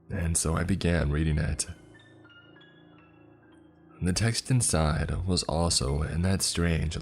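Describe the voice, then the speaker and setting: A man with an extremely deep, husky voice reads a first-person horror story aloud. He takes his time over each line, keeping an unhurried, measured pace while faint music plays underneath.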